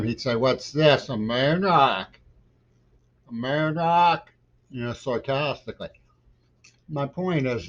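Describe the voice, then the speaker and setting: A man's voice: medium pitch, a little mellow, highs cut off. A middle-aged man, a poet, gives a digressive political monologue with loose trains of thought that grow insistent.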